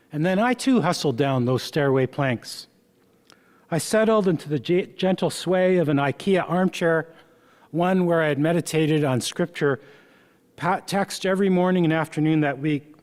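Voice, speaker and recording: A man, the author, reading aloud from his memoir in a slow, measured way with small stumbles. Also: on the high side, darkish tone. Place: event hall. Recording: long reverb from a hall.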